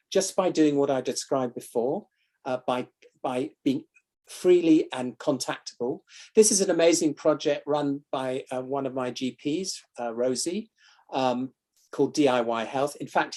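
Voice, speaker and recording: A man's voice: a little high, darkish tone. A man, a family doctor, giving an enthusiastic illustrated talk to an online audience, telling stories about his team and patients. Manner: enthusiastic storytelling, quotes others directly. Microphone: online talk recording.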